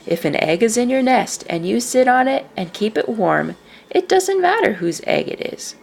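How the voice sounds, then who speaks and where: A steady, good-natured father bird from a picture book, as a woman reader puts him on. He talks in a reassuring, matter-of-fact way, his pitch bouncing widely. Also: moderate pace, creaky, exaggerated voice.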